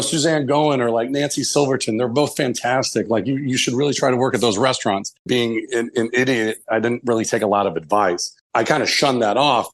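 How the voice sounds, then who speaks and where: A man in his forties, a chef guest telling long candid stories, rambling and swearing freely. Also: medium pitch. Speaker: chef and restaurant owner, podcast guest. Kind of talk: casual storytelling interview.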